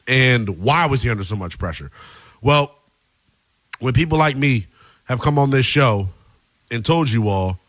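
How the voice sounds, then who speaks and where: A man hosting a late-night sports talk radio show, loose and energetic, talking conversationally with fillers. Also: medium pitch, measured pace, long pauses, no room sound.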